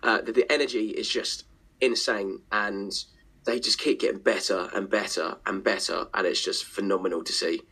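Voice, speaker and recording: A man's voice: lowish voice, steady tone, moderate pace, sharp tone, slightly rough. A man, chatting as a podcast guest and musician, talking enthusiastically in long rambling runs and swearing freely. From Essex, England. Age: 20s. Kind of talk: casual chat.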